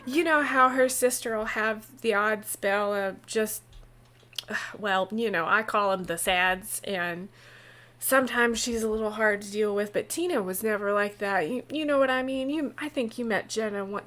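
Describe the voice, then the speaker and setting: A woman's voice: medium pitch, fairly bright tone, natural voice. A woman voicing a worried adult woman who halts and stumbles while welcoming guests in a tabletop game. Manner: flustered, halting. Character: anxious grown woman host, strained politeness.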